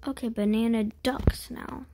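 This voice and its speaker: A high-pitched woman chats her way through a game at an unhurried pace, leaning on fillers. She often drops into soft, breathy whispered asides. A faint hiss of noise sits under the recording. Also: steady tone. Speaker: gaming video creator. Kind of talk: casual let's-play commentary.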